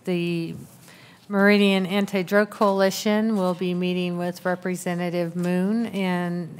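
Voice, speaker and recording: A woman mayor chairing a council meeting, giving brief matter-of-fact updates. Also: on the low side.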